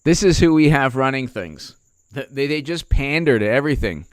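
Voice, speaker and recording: A man's voice: medium pitch, expressive, moderate pace, clean tone, no echo, clean studio sound. A man hosting a political commentary vlog, ranting sarcastically and repeating himself in disbelief. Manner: sarcastic, repetitive, incredulous. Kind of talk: casual political rant.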